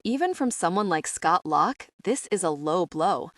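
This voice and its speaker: A woman's voice: lowish voice, expressive, measured pace, dry recording. Woman narrating an audiobook, dry and close. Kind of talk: first-person scripted narration.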